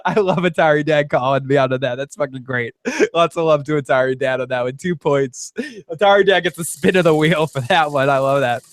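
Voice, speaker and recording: A man's voice: a little high, fairly quick, no echo, studio quality. A man hosting a podcast in a rambling, profane, casual chat. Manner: rambling, profane, laughing often. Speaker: podcast host.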